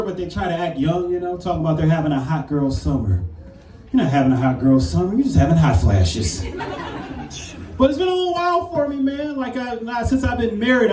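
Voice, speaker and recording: A man in his thirties doing a brash, animated stand-up comedy set on a club stage. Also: high-pitched, slight background noise. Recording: roomy club sound from a distance. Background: audience laughter.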